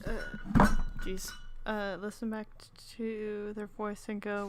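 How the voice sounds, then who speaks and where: Slow, rambling young woman streamer. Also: medium pitch, completely flat delivery, heavy background noise. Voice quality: self-described alto voice. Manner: rambling, filler-heavy, giggly. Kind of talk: casual gaming stream chat.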